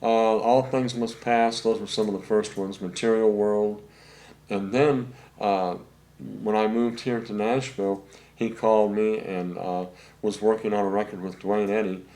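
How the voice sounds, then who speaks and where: A man's voice: lowish voice, fairly even intonation, unhurried, dark tone. Older man telling studio stories. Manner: rambling anecdotes with many fillers, acts out quotes. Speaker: session saxophonist guest. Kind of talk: relaxed storytelling interview.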